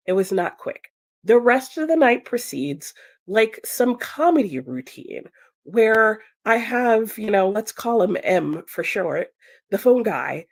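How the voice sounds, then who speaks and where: Woman host, young adult, casual storytelling with acted-out quotes, mid pitch. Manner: animated, acts out quoted voices. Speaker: streamer hosting reading sprints.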